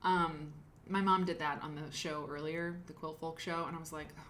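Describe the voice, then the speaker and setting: On a casual quilting livestream, the host speaks in a low, somewhat bright voice with fairly even intonation at a moderate pace. She rambles chattily and thanks viewers by reading their chat names aloud. A little hiss or hum is present.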